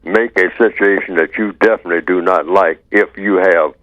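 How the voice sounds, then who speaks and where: Older male talk radio host; slow, rhetorical, steady; low voice, tinny phone sound. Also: dry recording. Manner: slow, deliberate, rhetorical questioning. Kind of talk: answering listener email on talk radio.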